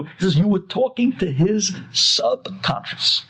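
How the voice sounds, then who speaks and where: A man, a rabbi, telling a story to an audience in an animated way and acting out the characters as he goes. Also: high-pitched, fast, few pauses, slightly rough, low-quality recording.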